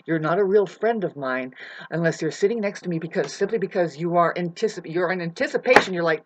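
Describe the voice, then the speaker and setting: A self-styled spiritual teacher giving a profane, preachy monologue, swinging between shouting and muttering. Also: mid-range voice, lively intonation, fast talker, dull audio. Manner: preachy, lecturing the listener.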